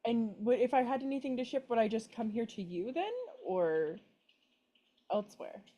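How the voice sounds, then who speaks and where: A woman taking part in a tabletop role-play game. She talks hesitantly, restarting her sentences and apologizing. Her voice is warm and mellow. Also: on the high side, normal speed, lo-fi sound. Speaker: player.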